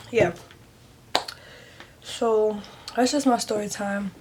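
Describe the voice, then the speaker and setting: A woman's voice: medium pitch, fairly even intonation, very slow, noisy background. A woman vlogging a casual storytime to her viewers, chatty and emotional, full of "like" and calls of "y'all". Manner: chatty, heavy use of "like", addresses viewers as "y'all"; emotional, speaks openly and earnestly.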